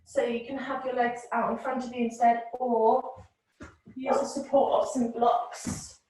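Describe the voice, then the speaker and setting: Calm woman guiding yoga breathing. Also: on the high side, a little hiss or hum. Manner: calm, gentle, unhurried guidance. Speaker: yoga teacher. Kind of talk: guided yoga and breathing instruction. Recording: very echoey room, voice from a distance.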